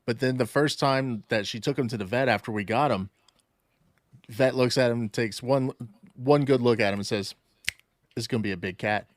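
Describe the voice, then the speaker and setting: A middle-aged man co-hosting a podcast in relaxed, casual chat, chiming in with short agreements. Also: mid-range voice, moderate pace, no echo. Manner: easygoing, chimes in with short agreements. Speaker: podcast co-host.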